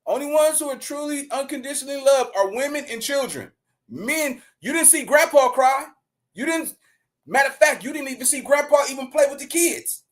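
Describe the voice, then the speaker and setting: A man with a strikingly high voice rants in loose, profane street talk, jumping between firm points and laughter. He talks casually to his viewers with a lot of animation. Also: expressive, a little fast, a bit bright. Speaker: commentary streamer. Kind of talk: casual reaction commentary.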